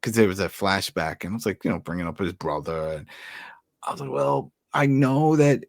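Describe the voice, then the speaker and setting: A man's voice: deep voice, quick pace, dry recording, studio quality. A man with a heavy Brooklyn New York accent, co-hosting a casual podcast chat and acting out little quotes as he talks. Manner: animated, acts out quotes in shifted voices. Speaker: podcast co-host.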